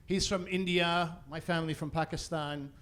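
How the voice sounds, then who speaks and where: A middle-aged man from Canada performs stand-up comedy in a fairly high voice. He tells his stories with animated energy, breaking into loud, exasperated outbursts and putting on the voices of the people in them. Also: normal speed.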